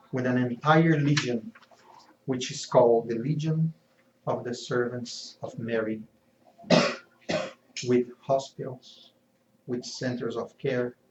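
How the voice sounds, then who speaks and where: Slow, earnest male lecturer. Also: medium pitch, a little mellow, a little hiss or hum. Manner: earnest, measured, reflective. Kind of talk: spiritual lecture and poem reading. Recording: echoey, slightly dull hall recording.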